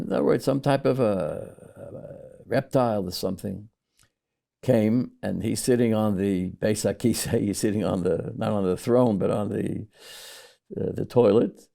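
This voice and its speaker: An older man, a rabbi, teaching a Talmud lesson, reading Aramaic passages and paraphrasing them in English with lively storytelling. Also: on the low side, vocal fry.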